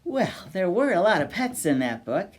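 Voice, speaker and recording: A woman reading a picture book aloud at a children's storytime, slow and sing-song, inviting the children to join in. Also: lowish voice, sing-song, a little mellow, husky.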